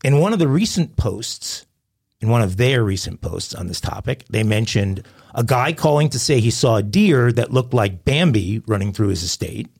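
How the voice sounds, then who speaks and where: A middle-aged man co-hosting a crime news podcast, telling stories in a joking, lively way. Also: mid-range voice, normal speed, creaky, breathy edge. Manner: joking, animated storyteller, swears casually. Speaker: podcast co-host. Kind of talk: casual crime news chat, storytelling.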